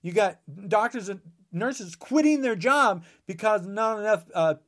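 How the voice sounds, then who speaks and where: A man's voice: sits high, expressive, a little slow, a bit bright. Heated rambling man in his sixties. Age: 60s. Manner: rambling, heated, emphatic with restarts. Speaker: podcast guest. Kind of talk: impassioned podcast monologue.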